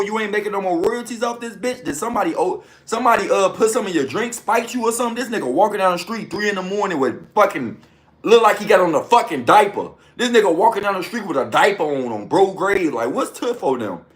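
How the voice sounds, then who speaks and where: A man riffs through a loose commentary rant, full of street slang. His voice sits a little high for a man. Now and then he breaks into sound effects of gunshots. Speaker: commentary host.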